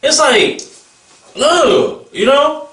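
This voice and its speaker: A man rants through a casual vlog commentary, blunt and mocking as he laughs at what he describes. His voice sits high for a man. He sounds set back from the mic in an echoey room. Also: drawn-out words, fairly bright tone, recorded from a distance. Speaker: vlogger.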